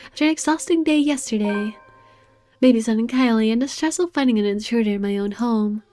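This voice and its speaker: A woman with a warm, natural, higher-pitched voice reads game narration aloud as a proud young man. She gives a measured, dramatic reading with a haughty air, and faint game music plays behind her.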